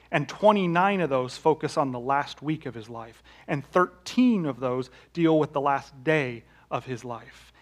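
A man preaching a sermon in a conversational way, with rhetorical questions, that rises to loud emphatic peaks and drops to hushed, low lines. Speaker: pastor.

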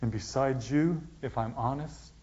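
Preaching man, loud to whispered. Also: mid-range voice, unhurried. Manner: dramatic swings from loud emphasis to near-whisper. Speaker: pastor. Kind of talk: sermon. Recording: dull, lo-fi sound.

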